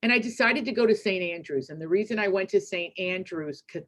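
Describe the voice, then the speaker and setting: A middle-aged woman giving a keynote speech, telling a story in a chatty, rambling, animated way with quick asides. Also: mid-range voice, poor audio. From United States. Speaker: keynote speaker.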